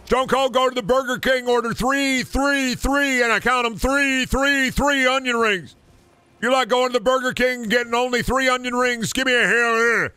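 A man putting on a brash male wrestler persona, shouting crowd-baiting hype chants. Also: very high voice, fairly even intonation, moderate pace, clear, resonant tone, dry recording, pitched above the performer's own voice. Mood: hyped shouting.

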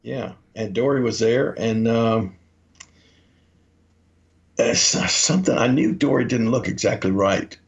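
A man's voice: medium pitch, a little slow, vocal fry, pauses often. A man, a podcast co-host telling rambling anecdotes and acting out the quotes in them. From Memphis, Tennessee. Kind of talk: casual storytelling. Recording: dull lo-fi audio.

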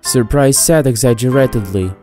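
A woman narrating a storybook with a steady, even-paced reading. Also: extremely low pitch, moderate pace. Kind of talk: storybook narration of fan fiction. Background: faint background music.

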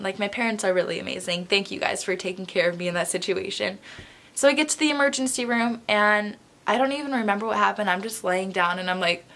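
A woman's voice: medium pitch, moderate pace. Chatty young woman telling a story. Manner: chatty, animated storytelling with many likes. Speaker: vlogger. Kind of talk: casual storytime vlog.

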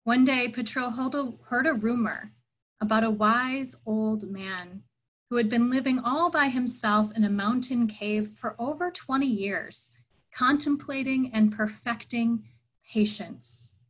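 A woman's voice: fairly high pitch, a little slow, poor audio. A woman giving a reflective sermon at an online church service, earnest and thoughtful, telling a story.

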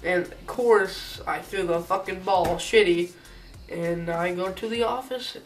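A man's voice: high voice, a little slow, far from the mic, faint music behind, rough recording. A teenage boy vlogger telling a school story in a rambling, profane, aggrieved way. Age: teens. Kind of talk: casual storytime rant.

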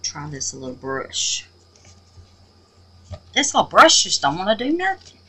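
A woman's voice: fairly low pitch, huge pitch swings, a little slow, pauses often, fairly bright tone, slight background noise, low-quality recording. A woman hosting a casual crafting tutorial, chatting away, exclaiming to the Lord and muttering half-whispered asides to herself. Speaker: resin craft channel host.

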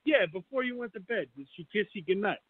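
A man's voice: high voice, lively intonation, fast talker, slightly rough. A man making a prank call, needling the host with sly questions. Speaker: prank caller. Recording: tinny, dry phone line.

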